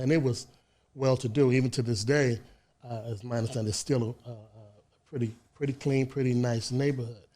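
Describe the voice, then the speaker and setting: A man in his sixties from Chicago with a Chicago accent, telling his life story as an interview guest in a measured way, often restarting his words. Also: medium pitch, darkish tone. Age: 60s. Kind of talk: casual interview. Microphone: studio microphone.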